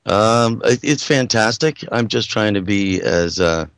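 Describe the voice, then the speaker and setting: A man from New York, working as a radio producer, talking casually in a rambling, halting way with lots of filler. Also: fairly low pitch, lively intonation, a bit bright, no room sound, studio quality. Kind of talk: casual live radio chat.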